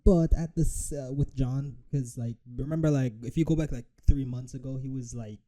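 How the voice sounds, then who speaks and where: A man talking over a clip on his stream, his voice deep-toned and mellow. He swears freely and stays animated. He breaks into mocking impressions of the people on screen. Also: moderate pace. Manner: profane, animated, mocks with impressions. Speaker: reaction streamer. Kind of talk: live reaction commentary.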